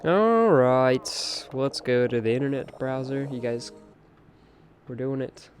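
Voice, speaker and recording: A man's voice: mid-range voice, flat delivery, moderate pace, a little mellow, a little hiss or hum. A young man hosting a late-night game stream, chatting casually with an opinionated, talkative manner and reading out chat. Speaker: live-stream host. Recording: faint music behind voice.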